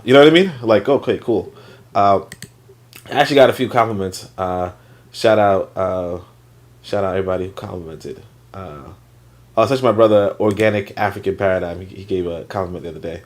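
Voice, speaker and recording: Male host, casual rambling commentary on a reading, filler-heavy and blunt. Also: on the low side. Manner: rambling, loose, many fillers and restarts, swears.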